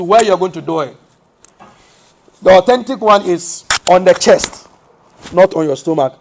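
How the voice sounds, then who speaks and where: Teaching a mosque study lesson, this man from West Africa has a high voice, and the recording carries a slight hiss or hum. As an Islamic teacher, he works through the material step by step, demonstrating hand positions and answering his own rhetorical questions.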